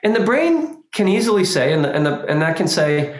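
A man giving an informal spiritual talk, animated and acting out small quoted scenes as he explains. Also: a little high, a little fast, hardly any pauses. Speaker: spiritual teacher. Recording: roomy echo.

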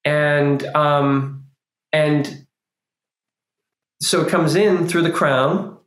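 A man giving an informal spiritual talk, animated and acting out small quoted scenes as he explains. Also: a little high, drawn-out words. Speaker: spiritual teacher. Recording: roomy echo.

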